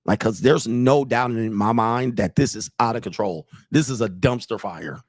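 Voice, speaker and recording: A man's voice: mid-range voice, moderate pace, dry recording. Rambling male host, dry close sound. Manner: rambling, repeats "all right", excitable asides. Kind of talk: casual comedic commentary.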